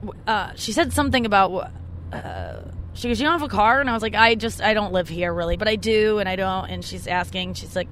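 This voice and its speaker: A young adult woman, a comedian hosting a podcast from her car, tells a rambling, self-mocking story in casual chat. Her voice is animated, a bit bright, and a little fast, with slight hiss or hum, and it jumps up high when she quotes people.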